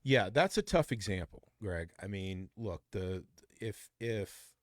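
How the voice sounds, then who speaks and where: Deep-voiced man, podcast co-host, short measured remarks, dry mic. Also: lively intonation, no room sound. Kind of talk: casual chat.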